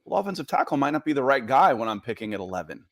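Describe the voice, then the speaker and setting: A man co-hosting a live-streamed sports chat with a middle-pitched voice. He tells stories with lively energy and reads out viewer comments. The sound is dry and close, with no room echo. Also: rapid-fire. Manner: animated storyteller, reads viewer comments aloud. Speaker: podcast co-host.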